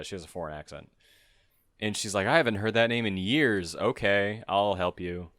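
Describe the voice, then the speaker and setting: Young man, low pitch, smooth, dry close sound, casual rambling gaming chat. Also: a bit bright, dry recording. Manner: rambling, recaps plots with silly voices. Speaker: let's play co-host.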